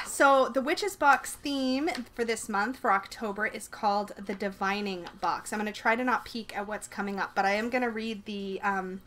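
A woman casually chatting to camera while unboxing, excitable and gushing, talking to herself as she goes, in her bedroom. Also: medium pitch, a little hiss or hum. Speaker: vlogger unboxing a subscription box.

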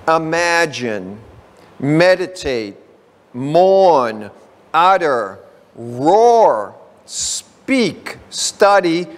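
A man delivering a relaxed, chatty sermon, his slightly raised voice ringing through a church with a long reverb. He talks in an easy, folksy way, then slows right down to read definitions one word at a time. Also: a little high. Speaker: pastor. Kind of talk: conversational sermon.

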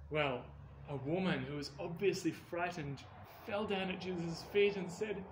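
Slightly high-voiced, earnest male storyteller. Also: a little slow, a little hiss or hum. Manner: earnest, expressive rises on key words. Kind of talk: children's story narration. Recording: echoey room.

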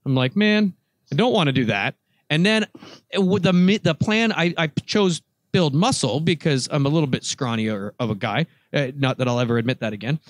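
A man hosting a podcast, telling stories in a casual, animated, self-mocking way and laughing often. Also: on the high side, a little fast, no room sound. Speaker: podcast host. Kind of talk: casual chat.

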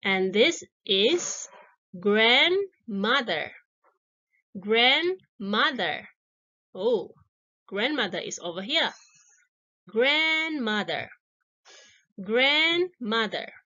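A woman's voice: fairly high pitch, very animated, pushed and bright, highs cut off. A woman teaching a simple English lesson to young children, repeating each word and praising the answers. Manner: encouraging, drawn-out words repeated twice.

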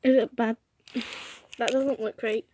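A young woman talks to her viewers while she sketches, in a rambling, self-mocking way. Her voice sits a little high. A faint hiss is heard behind her. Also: steady tone, unhurried, dark tone. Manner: chatty, self-deprecating, rambling. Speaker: vlogger. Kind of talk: casual drawing commentary.

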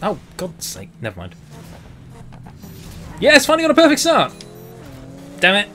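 Young man commentating gameplay, excitable and swears at the game, swings his pitch a lot. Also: moderate pace, faint music behind. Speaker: gaming YouTuber. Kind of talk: let's play commentary.

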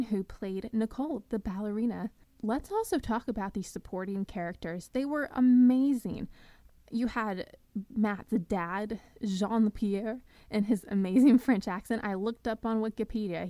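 A woman's voice: medium pitch, dark tone, no room sound. A young woman hosting a podcast, gushing with enthusiasm as she delivers a scripted recap monologue. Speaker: podcast host.

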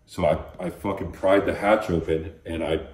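A man with a low voice tells his story in loose, rambling bursts, swearing freely and padding every thought with "like." It sounds like a relaxed interview recorded in an echoey room. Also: normal speed. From Los Angeles. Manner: profane, rambling, lots of "like". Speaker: graffiti artist guest.

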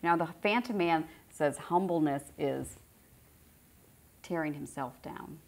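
A woman's voice: low voice, slow pace, a little mellow. A middle-aged woman giving an informal spiritual teaching to a group, conversational and repeating phrases for emphasis.

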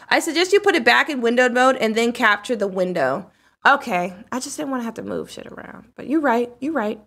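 A woman game streamer chatting casually and excitedly with her live chat while setting up a game. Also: fairly high pitch.

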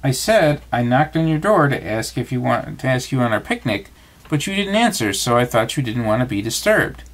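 A man voicing a gentle, simple male teddy bear who talks softly and unhurried. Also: medium pitch, very animated.

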